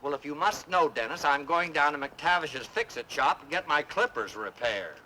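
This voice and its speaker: A man's voice: a little high, lively intonation, moderate pace, background noise, close to an everyday voice. An actor voicing a fussy, grumpy older male neighbor in a cartoon, blustery and exasperated. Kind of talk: cartoon voice acting.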